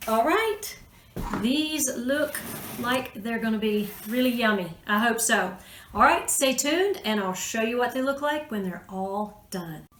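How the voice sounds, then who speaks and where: Woman hosting a home cooking vlog, chatty and homey, higher voice, echoey kitchen with faint sizzling. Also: lively intonation, a little slow, a bit bright, slight background noise. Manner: chatty and homey, folksy phrasing. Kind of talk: casual cooking tutorial.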